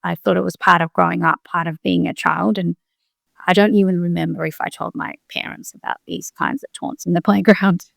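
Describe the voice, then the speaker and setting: A middle-aged woman answers interview questions, thinking aloud in short, halting phrases. Her low voice carries heavy vocal fry. The sound is dry and close, with no room around it. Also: fairly even intonation, no echo. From Australia. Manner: reflective, speaks in short restarting phrases. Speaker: guest, doctor. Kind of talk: interview conversation.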